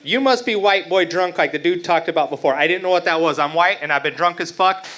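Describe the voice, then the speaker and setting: A man's voice: on the high side, fast, bright, forceful tone. A man from Utah doing a profane, brash stand-up comedy set at an open mic. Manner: crude, profane, brash joking. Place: open mic stage before a live crowd.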